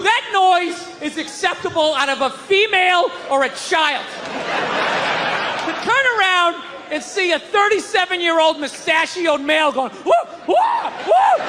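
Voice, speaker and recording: A man doing stand-up comedy, ranting loudly and exasperated, often shouting and swearing. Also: extremely high pitch. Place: live comedy club stage. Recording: live club set with loud crowd laughter and noise.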